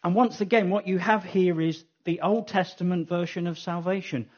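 A man's voice: high voice, steady tone, moderate pace. A man giving a Bible teaching talk, thinking aloud and correcting himself as he goes. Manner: thinking aloud, frequent ums and self-corrections. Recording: dull lo-fi recording.

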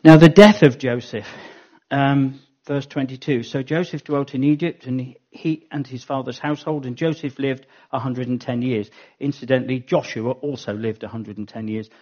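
A man's voice: medium pitch, steady tone, moderate pace, mellow. Man teaching scripture, lo-fi sound. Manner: thinking aloud, frequent ums and self-corrections. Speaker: Bible teacher. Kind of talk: Bible teaching talk. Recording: dull lo-fi recording.

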